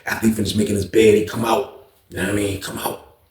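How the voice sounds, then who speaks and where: A man telling a story in an animated, slang-heavy, repetitive way. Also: fairly low pitch, fast, roomy sound. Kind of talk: casual storytime.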